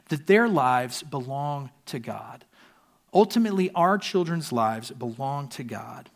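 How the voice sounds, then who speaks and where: A man preaching a sermon earnestly, his voice softening at the ends of sentences. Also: mid-range voice. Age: adult parent. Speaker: pastor.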